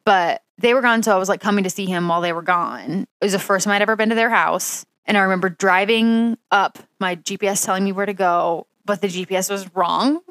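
A woman's voice: mid-range voice, brisk, few pauses, a bit bright, no room sound, studio quality. A young woman co-hosting a podcast, telling a long personal story in casual chat, full of "like". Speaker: podcast co-host.

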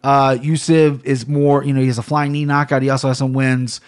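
A man hosting a sports betting podcast in a loose, rambling way, stopping to correct himself and circling back to his point. His voice sits at an ordinary pitch and his talk is easygoing. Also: level tone, a little fast. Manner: chatty, self-correcting, rambling. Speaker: podcast host. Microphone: headphones on a studio setup.

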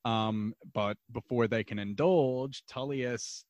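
A man's voice: medium pitch, slow, darkish tone, no room sound, lo-fi sound. A man co-hosting a podcast in casual chat, recounting scenes with plenty of "like". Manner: recounts scenes, often filled with "like" and restarts. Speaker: podcast co-host. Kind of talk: casual chat recapping a TV episode.

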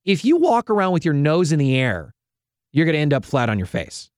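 A man hosting a casual faith-focused chat, a playful and animated storyteller. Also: on the high side, a little fast, no echo, studio quality. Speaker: podcast host.

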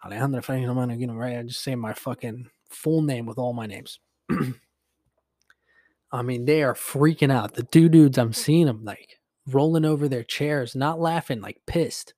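A young man tells a story casually as a podcast host, swearing freely and leaning on fillers as he animates the retelling. His voice sits at an ordinary middle pitch, and the sound is close and dry with no room echo. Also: normal speed, warm tone.

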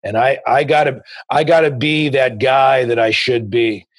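A man's voice: medium pitch, steady tone, unhurried, no echo. A man, a sports agent, telling an anecdote in an interview and acting out both sides of phone calls with a client. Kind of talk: interview storytelling.

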